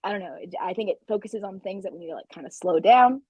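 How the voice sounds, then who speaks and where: A woman's voice: medium pitch, quick pace, a little mellow, husky, dry recording. A woman guest on a podcast, a pastry chef, chatting in a bubbly, easygoing way. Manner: bubbly, chatty, laughs easily. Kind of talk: casual interview chat.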